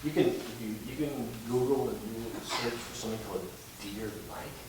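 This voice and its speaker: This actor, speaking at medium pitch, tells halting, rambling stories at a fan convention Q&A, full of fillers and laughter. Because his handheld mic sits away from his mouth, the big echoing hall makes him sound far off, with noise behind him.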